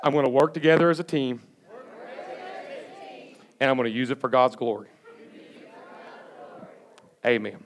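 A man's voice: medium pitch, a little slow, pauses often, a faint crowd. A pastor preaching a sermon to his congregation in a church, folksy and plain-spoken, calling for responses from the pews. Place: church sanctuary before a congregation.

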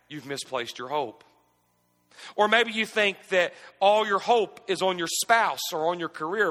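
A pastor preaching a sermon in a high, bright voice that climbs into shouted emphasis and drops into folksy asides. His voice rings with long reverb in a church sanctuary.

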